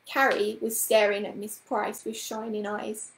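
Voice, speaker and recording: A woman's voice: medium pitch, completely flat delivery, unhurried, roomy sound, low-quality recording. Woman reading a children's story aloud.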